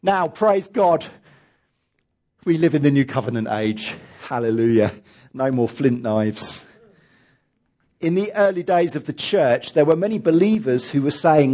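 A man's voice: on the high side, expressive, unhurried, long pauses, dark tone. A man preaching a sermon as pastor, emphatic and leading his congregation in reading aloud.

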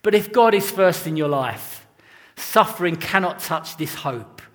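Casting: male pastor, earnest and conversational, slightly higher voice, long church reverb. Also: lively intonation, unhurried, fairly bright tone. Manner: earnest, conversational preaching with personal stories and chuckles. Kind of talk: sermon.

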